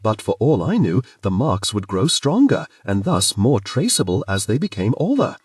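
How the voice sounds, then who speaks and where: A man narrating a fantasy audiobook in a lively, expressive storytelling manner. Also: lowish voice, moderate pace, distant mic.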